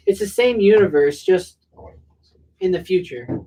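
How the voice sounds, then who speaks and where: A speaker joining a casual chat with quick, excited exclamations. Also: medium pitch. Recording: distant mic with faint noise.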